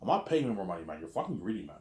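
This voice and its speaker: Over-dramatic man, lively roomy voice. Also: low voice, very fast. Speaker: video creator. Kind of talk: acting out an imagined argument, playing every side. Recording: roomy echo.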